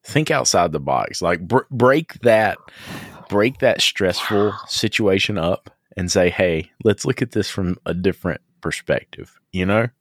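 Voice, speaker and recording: A man's voice: deep voice, animated, a little slow, no echo, studio quality. A man hosting a podcast, telling rambling stories in casual conversation and laughing often.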